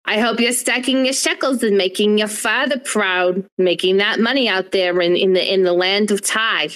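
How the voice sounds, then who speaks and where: A woman's voice: mid-range voice, normal speed, fairly bright tone, close to an everyday voice. A woman voicing a fussy, proud older New York mother who gushes over her son. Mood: doting.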